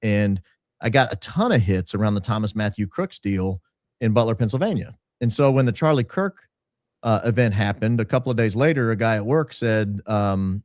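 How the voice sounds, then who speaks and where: A man's voice: fairly low pitch, animated, a little mellow, dry recording, clean studio sound. Emphatic talkative guest man. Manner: emphatic, talkative storyteller with brisk asides. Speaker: podcast guest. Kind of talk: casual interview storytelling.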